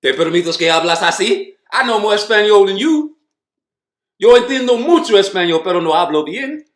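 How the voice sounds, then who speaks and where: A man's voice: sits high, expressive, brisk, echoey room. A man giving blunt, profane, mocking commentary in a ranting style. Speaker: boxing commentator.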